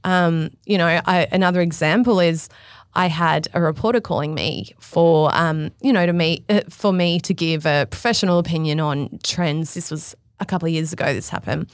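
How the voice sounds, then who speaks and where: A woman in her thirties tells lively stories about her home life and acts out the people she quotes. Her voice sits fairly low for a woman. The sound is dry and close, with no room around it. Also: moderate pace, dry recording. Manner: animated storyteller acting out quotes. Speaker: guest, fashion stylist. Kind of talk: casual podcast chat.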